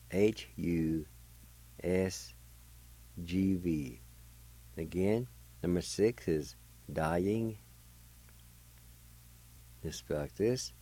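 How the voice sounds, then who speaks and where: Slow deep-voiced man teaching pronunciation. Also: mellow, low-quality recording. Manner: slow, patient, spells out letter by letter. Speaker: radio language teacher. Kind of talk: spelling and pronunciation lesson.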